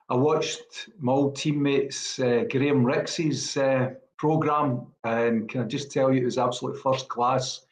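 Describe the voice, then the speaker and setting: A man's voice: mid-range voice, echoey room, poor audio. A Scottish man in his sixties from Glasgow, a former footballer telling rambling stories with many fillers in an interview. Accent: Glaswegian Scottish. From Scotland. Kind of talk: relaxed storytelling interview.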